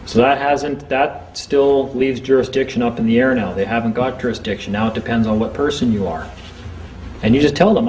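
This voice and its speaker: A man giving an informal seminar talk to a small group, chatty, acting out courtroom exchanges in quick quoted voices. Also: medium pitch, fairly even intonation, a little mellow, dull audio. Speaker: seminar speaker.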